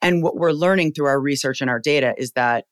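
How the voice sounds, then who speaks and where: A woman in her forties with a very deep voice, telling stories as a guest in an animated, emphatic, casual way. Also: brisk, no echo. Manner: animated, emphatic, salty storytelling with "like" fillers. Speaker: podcast guest, company founder. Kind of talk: casual interview chat.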